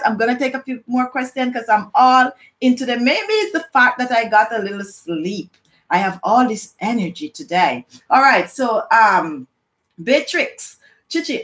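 A woman's voice: on the high side, fairly bright tone. A woman from Jamaica, hosting a casual beauty live chat from home, chatty, often saying "no joke" and "okay?" as she talks. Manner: chatty, repeats "no joke" and "okay?", reads viewer comments aloud.

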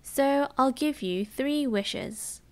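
A woman with a British English accent voicing a boastful big blue male genie spirit in a soft ASMR storybook reading, in whispered role-play. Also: sits high, slow. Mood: playful boasting. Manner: showy, teasing.

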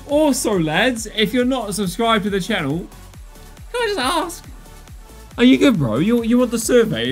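A young man commentating a video game pack opening with excitable outbursts and groans, calling out to his viewers as lads. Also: high voice. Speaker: gaming YouTuber.

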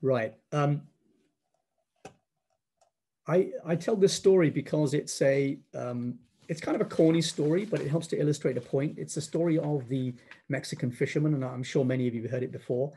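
A man giving a public lecture as a guest speaker, in a thoughtful, halting and earnest manner. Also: on the high side, warm tone, slightly rough.

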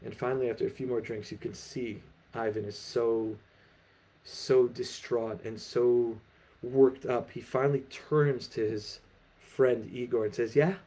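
Gravelly-voiced man teaching Torah. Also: medium pitch, a little slow. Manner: animated, emphatic storytelling. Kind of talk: lecture at an online festival.

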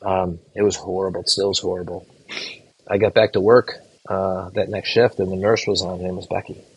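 A middle-aged man, a physician assistant educator, telling a case story to students in an earnest, halting way with restarted words. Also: deep voice, little pitch movement, vocal fry, breathy edge, low-quality recording.

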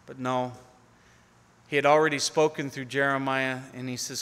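A man preaching a sermon as pastor, earnestly, rising to pleading appeals and falling to near-hushed tones. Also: mid-range voice, little pitch movement, moderate pace, clean tone. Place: church sanctuary. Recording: long hall reverb.

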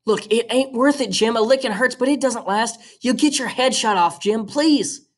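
A man voicing a young tomboy girl who pleads desperately in a raised, high voice. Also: normal speed. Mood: pleading.

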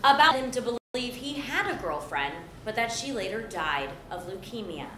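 A woman doing a polished TV interviewer impression, slightly high, with a hint of exasperation. A loud studio audience laughs in an echoey room. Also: very animated, moderate pace, crowd noise. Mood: poised. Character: impression of a famous female TV interviewer, poised but exasperated. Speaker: talk show host.

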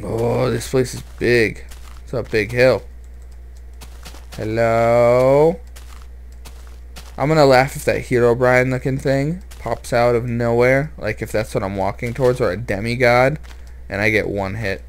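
A man hosting a game let's play, talking to himself as he explores. He speaks slowly and unhurriedly, in a mid-pitched voice, rambling between jokes and nervous asides. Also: steady tone, clean tone. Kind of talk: gameplay commentary.

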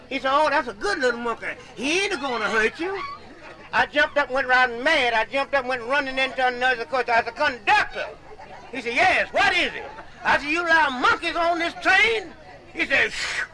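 A man's voice: extremely high pitch, bright, forceful tone, rough recording. An older man, chuckling through a folksy comic tall tale at a medicine show, outdoors. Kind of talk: comic storytelling monologue.

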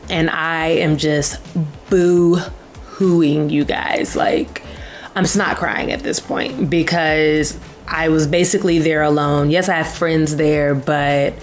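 Girl vlogging, deep-ish voice, acts out the voices, lively. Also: takes it slowly. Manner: animated, acts out voices in the story. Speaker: travel vlogger. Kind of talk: casual storytelling to camera.

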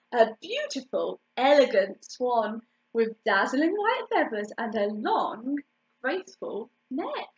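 A woman reading a children's picture book aloud in an expressive way, stopping to ask the listener questions. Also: sits high. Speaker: storytime reader. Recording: dull lo-fi recording.

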